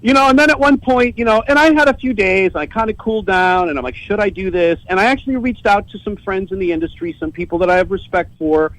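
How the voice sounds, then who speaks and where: High, animated, foul-mouthed man. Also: fast talker, few pauses, low-quality recording. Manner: profane, animated storyteller; repeats words when starting sentences. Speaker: guest. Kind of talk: casual podcast storytelling.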